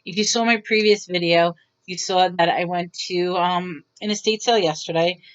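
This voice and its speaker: With a lowish, clean-toned voice at normal speed, the woman chats her way through rambling stories, animatedly playing out the dialogue of those involved. The sound quality is dull and lo-fi.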